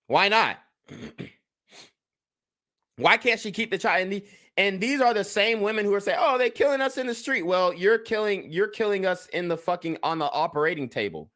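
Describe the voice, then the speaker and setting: Bright-voiced man giving blunt commentary. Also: high voice. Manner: blunt, profane, lectures the viewers and asks them to vote in a poll. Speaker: commentary channel host. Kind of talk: reaction commentary on a played clip.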